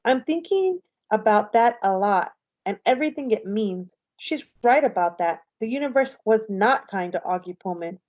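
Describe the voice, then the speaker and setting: A woman's voice: mid-range voice, lively intonation, moderate pace, darkish tone, lo-fi sound. Woman teacher reading a story aloud.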